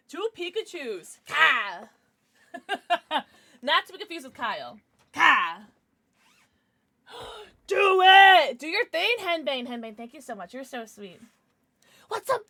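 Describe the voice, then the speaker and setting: Casting: bright, bouncy young female streamer, squeals and murmurs, chatty at her desk mic. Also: a little high. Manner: bubbly, gushing, quick swings to squeals and mumbles. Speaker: livestreamer. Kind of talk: casual chat.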